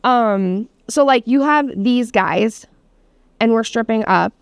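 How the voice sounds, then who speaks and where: Woman, massage instructor, casual and chatty, a little high, smooth clear voice. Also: slow, no echo. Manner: casual, chatty, many fillers and laughs, swears. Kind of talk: hands-on demonstration class.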